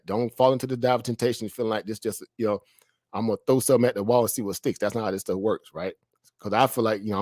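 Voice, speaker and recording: A man's voice: medium pitch, darkish tone, no room sound, clean studio sound. A man hosting a casual stock trading live stream, talking conversationally and tagging many phrases with "right?". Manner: conversational, frequent "right?" tag questions, laughs between phrases.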